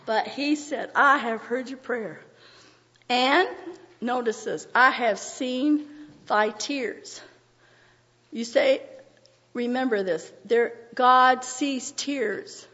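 A woman preaching a sermon with emotion, often pausing on "uh" as her voice breaks. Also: a little high, bright, forceful tone. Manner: emotional, frequent "uh" fillers, voice breaking. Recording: dull audio in a reverberant hall.

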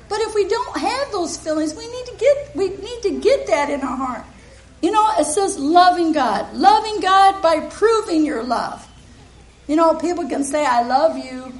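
A woman's voice: high voice, a little hiss or hum. A woman preaching a sermon in a church, earnest and emphatic, with the congregation calling back responses. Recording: echoey room.

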